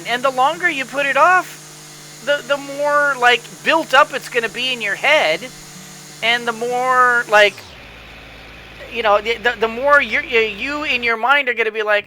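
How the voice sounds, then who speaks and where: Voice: high voice, pushed and bright, a little hiss or hum, rough recording. A gameplay commentator giving a rambling motivational pep talk in casual let's-play style, with frequent restarts and repeated words.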